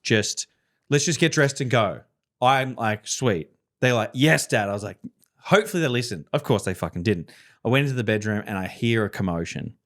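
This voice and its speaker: A man co-hosting a podcast, telling a lively story and swearing freely as he acts out what people said. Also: lowish voice, moderate pace. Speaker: podcast co-host. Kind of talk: casual chat.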